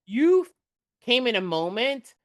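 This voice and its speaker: A woman's voice: on the high side, very animated, a little slow, dry recording, studio quality. A woman who coaches small businesses, talking casually and laughing often as she retells conversations. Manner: chatty, laughs often, retells with quoted voices.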